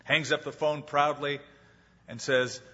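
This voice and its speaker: A man's voice: on the high side, little pitch movement, a little slow, bright, forceful tone. A man preaching a sermon as pastor, dramatic and acting out the people he quotes. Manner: dramatic, acts out quoted voices. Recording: muffled hall recording with long reverb.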